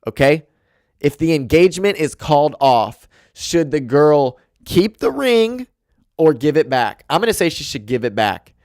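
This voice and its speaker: Young male podcast host, dry close mic, excitable and profane. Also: a little high, a little slow, no room sound. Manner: rambling, swears a lot, excitable. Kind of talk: casual solo chat. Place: home room with dog and carpet. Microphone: desk mic and camera.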